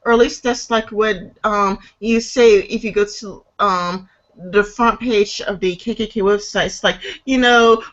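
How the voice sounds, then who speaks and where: A woman's voice: mid-range voice, steady tone. Chatty woman with a muffled voice. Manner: halting, many fillers and restarts. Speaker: podcast co-host. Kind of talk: casual chat, reading news aloud.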